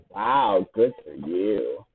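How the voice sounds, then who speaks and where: Excitable gamer guy on a tinny line. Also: on the low side, vocal fry, husky. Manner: excitable, shrieks and laughs while playing. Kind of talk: let's play commentary. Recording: tinny phone-like sound.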